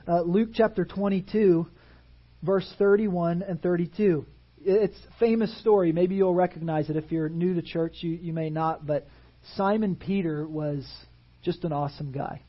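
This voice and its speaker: Husky high-voiced preacher man. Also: moderate pace, highs cut off. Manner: animated preaching, rhetorical questions to the congregation. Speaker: pastor. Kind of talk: sermon. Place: church sanctuary.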